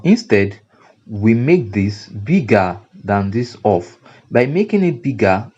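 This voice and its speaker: A man with a Nigerian English accent walks through a design tutorial at an unhurried pace, circling back over his words to stress each point. His voice sits low and mellow, and the recording has a dull, lo-fi sound. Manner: repetitive, emphatic teaching with fillers and restarts. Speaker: graphic design instructor. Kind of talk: screen-recorded software tutorial.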